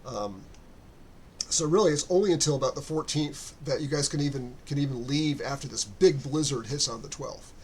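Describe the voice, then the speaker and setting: A man's voice: medium pitch, normal speed, darkish tone, slight background noise. A man narrating as game master, rambling with many fillers and restarts.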